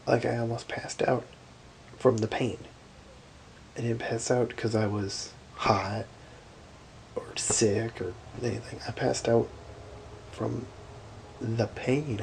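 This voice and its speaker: A tired man half-whispering a late-night vlog, recounting a painful hospital night in a drowsy way with sudden lively bursts. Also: medium pitch, gravelly, slight background noise, poor audio. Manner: hushed, drowsy storytelling that swings from whispers to animated outbursts. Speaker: vlogger.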